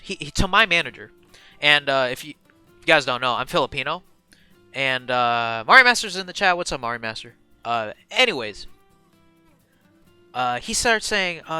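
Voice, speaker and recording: A young man chatting to his stream with a very bright, crisp voice that sits a little high for a man. He tells a story in an animated, excitable way, full of slang, swearing and fillers, with faint music playing behind him. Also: normal speed, pauses often, no echo. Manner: animated, excitable, swings from mumbling asides to loud bursts. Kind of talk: casual storytelling to a live chat.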